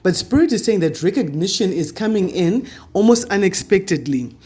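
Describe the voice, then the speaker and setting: A man's voice: sits high, animated, normal speed, dark tone, husky. A man giving a weekly tarot reading to camera, chatty and reassuring as he passes on spiritual guidance. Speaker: tarot reader.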